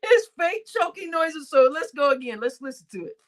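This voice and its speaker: A woman talks through the news in a casual vlog, her voice high and swinging widely in pitch. She tells stories in a loose, slangy way and often breaks off to laugh. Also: normal speed, slight background noise. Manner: animated, slangy storytelling with frequent laughter. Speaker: vlogger reacting to news. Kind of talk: casual commentary.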